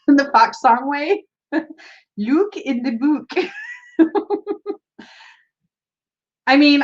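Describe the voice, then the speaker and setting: Bubbly American woman, lo-fi stream. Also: high voice. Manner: bubbly, giggly, reads viewer comments aloud. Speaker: tarot livestream host. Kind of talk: casual live-stream chat.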